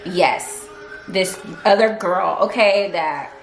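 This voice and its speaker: A woman's voice: lowish voice, takes it slowly. A young woman vlogger telling a personal story in a candid, chatty way, full of fillers and asides to her viewers. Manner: candid, chatty, animated retelling with many fillers. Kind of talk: storytime vlog. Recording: echoey room with faint music.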